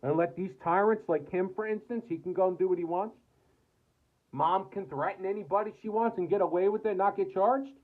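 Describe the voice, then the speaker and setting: Speaking to camera, an American vlogger from the United States unloads an angry rant, cursing and repeating himself. His voice is high and fairly quick, and the audio sounds tinny, like a phone.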